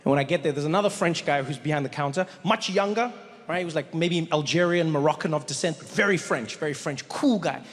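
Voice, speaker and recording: A male stand-up comedian telling a story on stage in a large hall, animated and slipping into voices. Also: a little high, quick pace.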